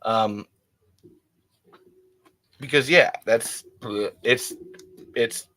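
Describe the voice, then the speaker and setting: A man's voice: medium pitch, drawn-out words, pushed and bright. A man hosting a podcast, talking alone in a rambling, candid way and often restarting his sentences. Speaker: podcast host. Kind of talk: casual solo monologue.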